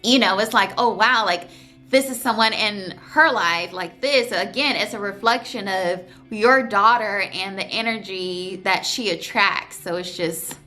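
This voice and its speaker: The young woman speaks unhurriedly in a medium-pitched voice while faint music plays, telling her surgery story in a relaxed vlog. She voices quotes with animation but becomes tearful at times, holding back crying.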